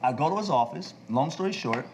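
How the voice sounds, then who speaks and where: A man's voice: a little high, lively intonation, brisk, a little hiss or hum, poor audio. A man in his forties on a talk show, telling a long story and acting out the dialogue. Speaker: actor and entrepreneur.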